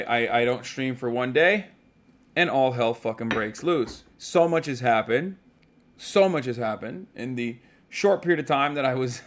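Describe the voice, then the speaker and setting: A man livestreaming from a hotel room, chatting casually with rambling, profane jokes. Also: medium pitch.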